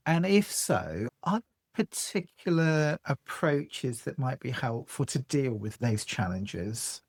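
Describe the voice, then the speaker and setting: Male host, mid-pitched, dry close sound, affirming interviewer. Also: vocal fry, no echo. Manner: warm, affirming, asks thoughtful questions. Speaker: podcast host. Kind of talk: podcast interview.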